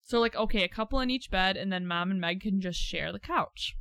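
A woman's voice: medium pitch, brisk, creaky, no echo. A woman guest on a podcast, chatting casually and telling stories with lots of acted-out quotes. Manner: animated storyteller acting out quotes. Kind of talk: casual chat.

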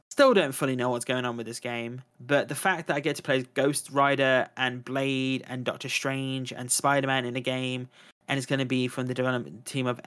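Excited male co-host who rambles and trips over his own corrections. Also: mid-range voice. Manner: enthusiastic, rambling, self-correcting. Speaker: podcast co-host. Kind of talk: casual chat about video games.

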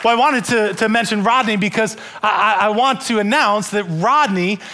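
A man's voice: high-pitched, moderate pace, pushed and bright. A male pastor delivering a church sermon in an earnest way, often repeating and restarting words.

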